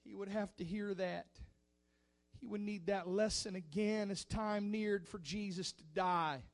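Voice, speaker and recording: A man's voice: high voice, fairly even intonation, unhurried. A man preaching a sermon in a fervent, emphatic manner.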